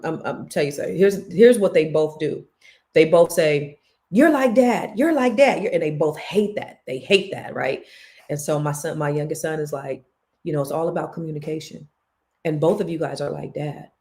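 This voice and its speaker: A woman, telling a family story in casual chat, her voice jumping up when she quotes people. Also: on the low side. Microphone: live stream mic.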